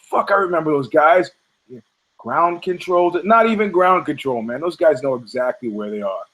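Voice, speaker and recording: A man's voice: a little high, expressive, normal speed, fairly bright tone, low-quality recording. A man hosting a podcast, delivering a rambling, profane comedic monologue and acting out quoted characters in funny voices. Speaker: podcast host.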